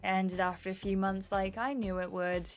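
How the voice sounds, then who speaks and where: A woman's voice: mid-range voice, steady tone, normal speed, soft background music, pitched below the performer's own voice, lightly acted. A woman voicing a chatty young female reality show contestant, gushing and confiding.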